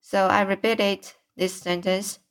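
A woman reads a children's book aloud at a slow, careful pace. Her voice sits at a middling pitch. She pauses to repeat sentences that trip her up. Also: level tone. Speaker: reader.

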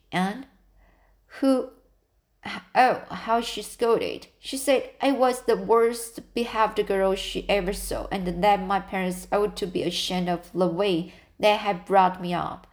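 A spirited young girl, voiced by a woman reading a storybook, the heroine's best friend. She chatters in a lively, gossipy way at a slow, measured pace. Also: mid-range voice.

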